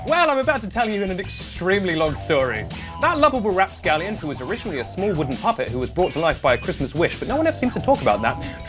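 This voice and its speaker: Guy doing jokey news, dry sarcasm, voice swoops up and down a lot. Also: high-pitched. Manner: sarcastic, deadpan jokes, breaks into laughter. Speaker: host. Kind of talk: comic news presenting.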